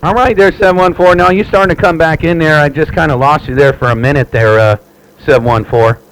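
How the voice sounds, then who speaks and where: A man chatting on a CB radio from his home station, relaxed and repetitive, with many fillers. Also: a little high, brisk, slight background noise, rough recording. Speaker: CB radio operator. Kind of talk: live radio chat. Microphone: radio transceiver mic.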